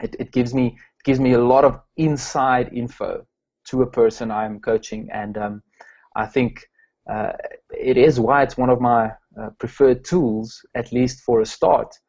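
A man's voice: medium pitch, steady tone, a little slow, darkish tone, dull audio. A man from South Africa, a strengths coach, answering interview questions with many fillers and restarts.

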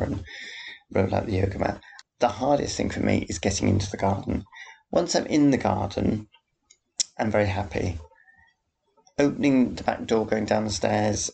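A man's voice: on the low side, darkish tone. A man hosting a casual solo podcast, rambling and chatty with a self-deprecating manner. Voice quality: gravelly. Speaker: podcast host. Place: home, background noise heard.

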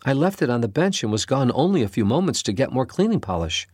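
A man voicing a kind, anxious young serving girl in a storybook reading, raising his voice high and pleading. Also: very animated, fast talker, darkish tone, breathy edge, no echo, clean studio sound. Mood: tearful.

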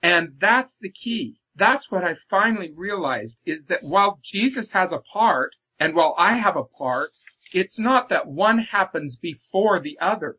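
Here a guest author reflects on religion, speaking with earnest conviction and leaning on repetition and emphasis. His voice sits high and is expressive, a little slow and slightly rough, captured in somewhat muffled, lo-fi sound.

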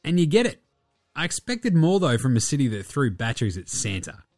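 A man's voice: mid-range voice, very animated, a little fast, darkish tone, no room sound, clean studio sound. An Australian man hosting a basketball podcast, chatting casually in a jokey, rambling way with plenty of swearing. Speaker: podcast host.

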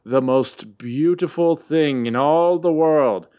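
A man's voice: a little high, takes it slowly, warm tone, smooth, pitched above the performer's own voice. A man voicing an earnest young thunder god hero in a casual comic recap. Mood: mock-solemn.

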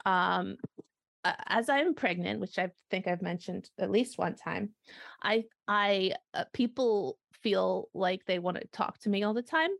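A woman's voice: mid-range voice, creaky, no room sound, clean studio sound. A woman co-hosting a podcast in casual chat, rambling and restarting as she tells a story. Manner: chatty, rambling with restarts and laughs. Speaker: co-host.

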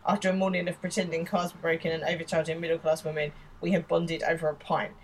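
A woman's voice: deep voice, flat delivery, fast, slight background noise. A woman chatting through a TV episode on a casual podcast, hedging with fillers and laughing easily. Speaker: podcast co-host.

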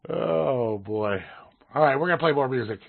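A man co-hosting a podcast in casual chat, halting and stammering, often repeating his words. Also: medium pitch, expressive, vocal fry. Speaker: podcast co-host. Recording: tinny phone-like lo-fi sound.

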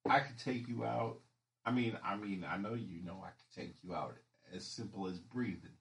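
A man's voice: low voice, moderate pace, creaky, fairly bright tone, echoey room, voice pushed down, rough recording. A man playing a swaggering half-orc vigilante. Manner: swaggering, streetwise slang. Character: brash, flirty male half-orc vigilante.

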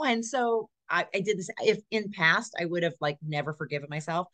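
A woman's voice: lowish voice, a little fast, a bit bright, no room sound. A woman from California, a dog trainer chatting as a guest in an earnest, rambling way. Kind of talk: casual chat.

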